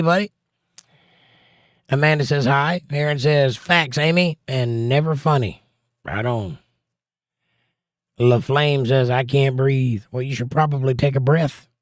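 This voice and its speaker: A middle-aged man hosts a casual live stream, reading viewer comments aloud and firing back wry, teasing remarks. His voice sits at an ordinary middle pitch. The sound is close and dry, with no room echo. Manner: wry, teasing chat banter. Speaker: livestream host reading chat.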